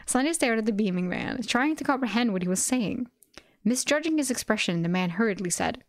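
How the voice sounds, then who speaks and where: A woman streaming a live reading of a web novel, breaking off to react with excited exclamations and swearing. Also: mid-range voice, brisk, no echo, clean studio sound.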